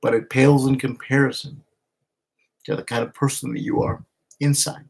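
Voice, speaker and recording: A man speaking into a camera in a heartfelt personal video message to his partner, emotional and halting, with restarts and pauses. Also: mid-range voice, fairly even intonation, creaky, breathy edge.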